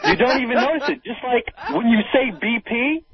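A man's voice: very high-pitched, brisk, a crowd in the background. A man co-hosting a casual political talk radio chat, sardonic and conspiratorial. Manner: sardonic, conspiratorial, talks over his cohost. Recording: tinny phone-line sound.

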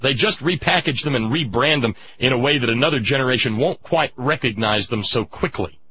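A man giving impassioned political commentary, sarcastic and indignant, rising to shouts. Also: mid-range voice, brisk, dull audio, a little hiss or hum.

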